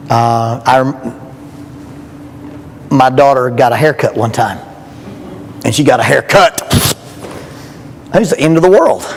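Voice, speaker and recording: A man gives a joking, folksy storytelling sermon as a youth rally speaker in a church. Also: a little high. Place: church hall. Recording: long hall reverb.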